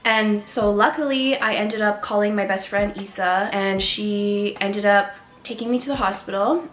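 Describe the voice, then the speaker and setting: A young woman from Canada speaks candidly to her camera, earnest and a little emotional, pausing softly between thoughts. Her voice sits at a middle pitch and carries the echo of a bare room, with faint music underneath. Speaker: vlogger. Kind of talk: personal storytelling to camera.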